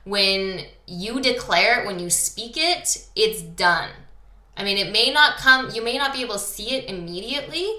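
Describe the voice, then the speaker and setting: A woman's voice: medium pitch, expressive, moderate pace, sharp tone, roomy sound. A woman from Canada hosting a podcast, talking casually and enthusiastically about spiritual topics with lots of fillers. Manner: enthusiastic, chatty, uses many fillers. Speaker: podcast host.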